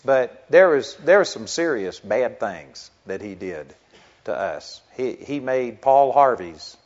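A man's voice: mid-range voice, expressive, slow, darkish tone. A middle-aged man, a pastor, preaching a sermon in an earnest, conversational way that builds into emphatic stretches. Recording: dull lo-fi recording.

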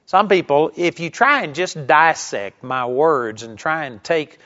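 A man's voice: fairly high pitch, normal speed, hardly any pauses, sharp tone, highs cut off. A man preaching a sermon for radio with an emphatic, repetitive cadence.

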